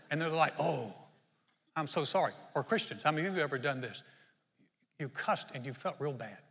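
A man preaching a sermon as pastor, animated and laughing often as he quotes scripture. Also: fairly high pitch, fairly quick, long pauses. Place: church. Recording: long hall reverb.

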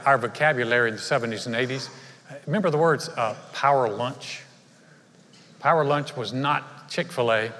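Live church hall reverb surrounds a man whose voice is medium-pitched and fairly bright. He's a pastor delivering a humorous, conversational sermon in a large church, telling stories and tossing in asides.

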